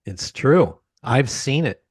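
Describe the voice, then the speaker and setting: A man's voice: mid-range voice, expressive, slow pace, husky, no echo, clean studio sound. A man hosting an interview who answers his guest with short agreeing replies. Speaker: podcast host. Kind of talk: casual interview.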